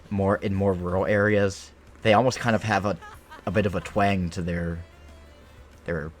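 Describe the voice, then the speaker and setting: A young man from Illinois with a Midwestern, Ohio-leaning accent, chatting casually as a game streamer, rambling with lots of filler words. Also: sits low. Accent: Midwestern American, Ohio-leaning. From Illinois, USA. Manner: rambling, filler-heavy, easygoing. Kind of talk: casual chat while streaming.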